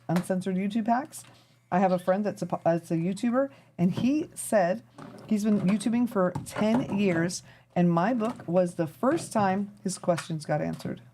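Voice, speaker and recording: Woman host, live-stream chat, rambling and thinking aloud, lively up-and-down delivery. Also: on the low side. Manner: chatty and rambling, thinking aloud while tinkering. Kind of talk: casual chat to a live audience.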